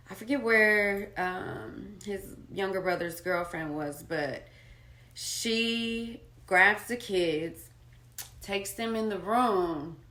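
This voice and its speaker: A woman telling a raw personal story in a candid, unpolished way, swinging between hushed and loud. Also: fairly low pitch, echoey room. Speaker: storyteller sharing her own experience.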